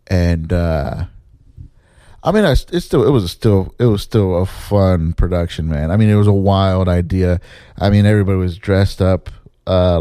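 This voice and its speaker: A man casually telling a story about his theater days, swearing and jumping up in pitch to mimic people. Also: no echo, clean studio sound. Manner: animated, swears, mimics others in pitched-up quotes. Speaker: former assistant stage manager telling a story.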